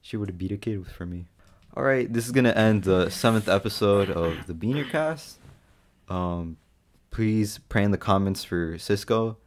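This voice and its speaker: Young male podcast co-host with a lowish voice and a loose, swearing storytelling manner. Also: moderate pace. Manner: storytelling, swearing, animated quoting. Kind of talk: casual chat.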